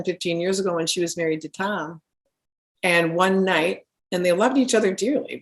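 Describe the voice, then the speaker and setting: A middle-aged woman, a spiritual healer, earnestly telling a personal story with animated restarts. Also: fairly low pitch.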